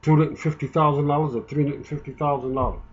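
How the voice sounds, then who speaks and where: A man's voice: fairly high pitch, fairly even intonation, quick pace, highs cut off. A man giving an indignant, emotional, rambling political monologue, often restarting his sentences. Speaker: political commentator.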